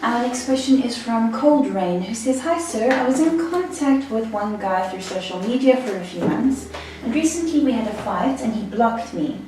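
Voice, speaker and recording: A woman's voice: a little high, expressive, normal speed. A woman co-hosting a live stream, reading viewer questions aloud in a plain, matter-of-fact way. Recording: echoey room, mic far off, faint noise.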